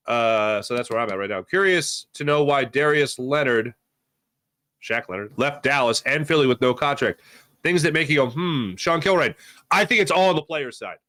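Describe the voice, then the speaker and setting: A man's voice: a little high, pushed and bright, dry recording, clean studio sound. A man hosting a sports talk stream, rambling and joking as he reads out chat comments. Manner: rambling, jokey, reacts to chat names. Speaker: sports talk show host. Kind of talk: casual live-stream chat reading comments.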